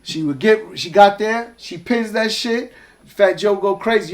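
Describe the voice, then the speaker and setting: A music executive from Hollis, Queens, New York speaks as a guest in a high voice at a measured pace. He's animated and profane, telling casual stories and taking on the voices of the people in them.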